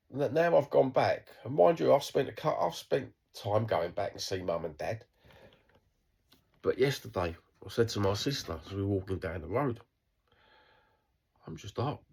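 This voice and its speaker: Husky, low-voiced Cockney man. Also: a little mellow. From East London, England. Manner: blunt, sweary, rambling with restarts. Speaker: vlogger. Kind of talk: unscripted video diary monologue.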